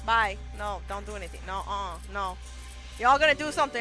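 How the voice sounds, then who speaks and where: A woman streaming a story game, reading it aloud and reacting with lots of laughter and excited shouts. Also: mid-range voice, brisk, soft background music.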